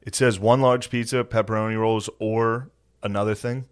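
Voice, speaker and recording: A man's voice: on the low side, steady tone, moderate pace, clean tone, no room sound, clean studio sound. A young man on a podcast, telling a profane story with lots of energy and acting out other people's voices. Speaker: podcast co-host. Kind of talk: casual storytelling chat.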